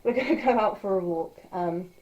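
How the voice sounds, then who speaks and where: Young woman, casual vlogger, mellow and warm, chatty with lots of ums. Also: mid-range voice, normal speed, lo-fi sound. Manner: chatty, rambling, with filler words. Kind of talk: casual vlog chat.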